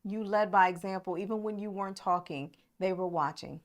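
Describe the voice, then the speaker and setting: A woman's voice: medium pitch, a little fast. Middle-aged woman, relationship coach, motivational vlog, emphatic and folksy, blunt preachy delivery, mid-range voice. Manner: emphatic, preachy, addresses viewers as "y'all".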